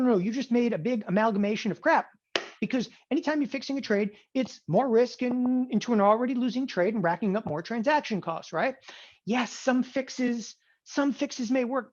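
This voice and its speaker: A man teaching an options trading class, animated and sarcastic, often acting out students' voices. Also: high-pitched. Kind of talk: classroom lecture. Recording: dull lo-fi sound.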